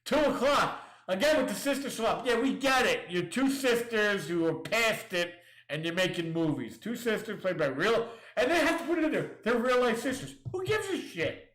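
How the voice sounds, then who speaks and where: A man's voice: sits high, sing-song, normal speed, fairly bright tone, reverberant. A male show host in a casual livestream rant, reading listings aloud and mocking them with crude, sarcastic jabs. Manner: reads listings aloud then riffs.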